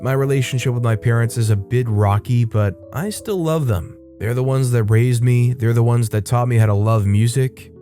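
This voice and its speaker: A man reads online stories and chats about them in a casual, wry way. His voice is mellow and mid-pitched. A faint guitar plays underneath. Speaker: storytime narrator. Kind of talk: reading Reddit stories with commentary. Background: faint guitar music.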